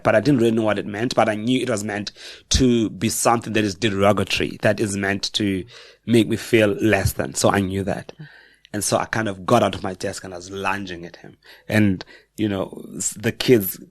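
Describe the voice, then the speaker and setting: A middle-aged South African man with a South African accent, a guest on a podcast, telling personal stories in a reflective, halting way with frequent self-corrections. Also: lowish voice, no room sound. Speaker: guest author. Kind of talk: personal storytelling in a podcast interview.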